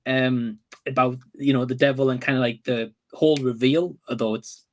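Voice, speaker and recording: A man's voice: medium pitch, fairly even intonation, moderate pace. A man appearing as a guest on a live movie-review stream, talking in an easygoing, enthusiastic way with plenty of fillers. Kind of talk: casual conversation.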